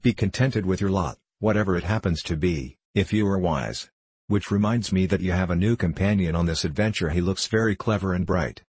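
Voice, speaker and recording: A man's voice: sits low, fairly quick, a little mellow, husky, no room sound. A man voicing a courtly, gracious male fox king in an audiobook reading.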